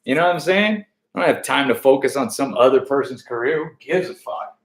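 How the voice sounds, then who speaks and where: Profane, rambling American comedian. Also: male voice, medium pitch, brisk, reverberant. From United States. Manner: profane, animated, rambling with restarts. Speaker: stand-up comedian. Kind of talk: casual backstage interview chat.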